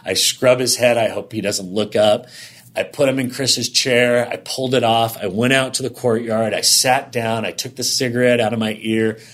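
A man telling a candid personal story as an interview guest, in long run-on sentences that act out the dialogue. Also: medium pitch. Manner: animated, rapid run-on sentences, acting out dialogue.

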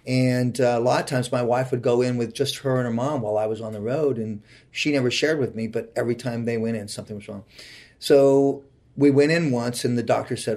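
A man in his forties speaks as an interview guest, his voice carrying a gravelly, creaky edge at a middling pitch. He tells his own story with earnest feeling, often letting his voice drop low and soft. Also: steady tone, normal speed. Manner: heartfelt, earnest, often dropping to a quiet voice. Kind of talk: personal storytelling in conversation.

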